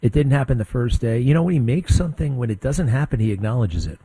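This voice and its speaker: Blunt, combative talk radio host. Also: male voice, mid-range voice, animated, quick pace, mellow, breathy edge, no echo. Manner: blunt, combative, rambling with restarts. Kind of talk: opinionated talk radio monologue.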